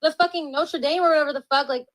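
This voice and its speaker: A woman's voice: sits high, steady tone, fast, no room sound, poor audio. A woman guest on a podcast, telling a story in a casual, profane, exasperated way. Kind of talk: interview storytelling.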